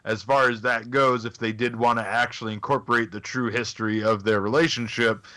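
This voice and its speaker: Bright-voiced man on a chat podcast. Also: mid-range voice, fairly even intonation, a little fast. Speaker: podcast co-host. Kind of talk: casual chat about wrestling.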